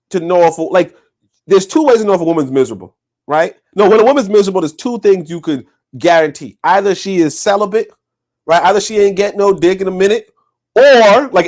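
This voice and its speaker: Male podcast co-host, lively high voice, rambling profane banter. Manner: animated, rambling, profane, laughs loudly. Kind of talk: casual podcast chat.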